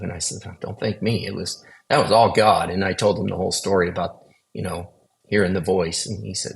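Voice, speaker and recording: Man, low gravelly voice, earnest storytelling testimony, casual interview. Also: steady tone, normal speed, poor audio. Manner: earnest, conversational, acts out quoted dialogue. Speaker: guest sharing testimony.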